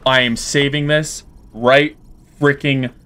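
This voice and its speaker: A man hosting a horror game playthrough, talking casually and reacting loudly, yelping at scares and grumbling when frustrated. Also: mid-range voice, flat delivery, slow. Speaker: gaming video host. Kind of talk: let's play commentary.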